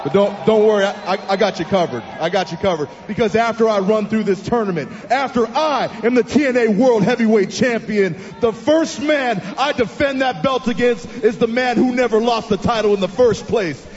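A man with a high voice cuts a sarcastic wrestling promo, building from calm jabs up to shouted claims. The audio is muffled, like a TV broadcast. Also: normal speed, hardly any pauses, a faint crowd.

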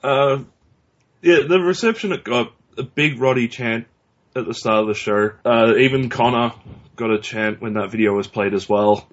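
A man's voice: mid-range voice, moderate pace. A man co-hosting a podcast in casual chat, blunt and profane, rambling with restarts. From Australia. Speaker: podcast co-host. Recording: dull lo-fi recording.

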